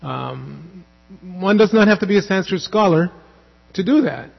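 A man's voice: sits high, animated, measured pace, gravelly, in a large hall, muffled recording. A man giving a devotional scripture class, explaining at length, wandering off on asides and chanting Sanskrit verses.

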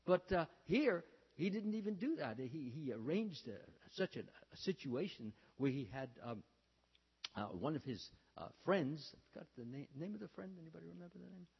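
A man giving a storytelling sermon, talking haltingly with many fillers and restarts, and acting out the lines he quotes. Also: on the high side, sing-song, vocal fry, slightly rough. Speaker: religious speaker. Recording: dull, reverberant hall sound.

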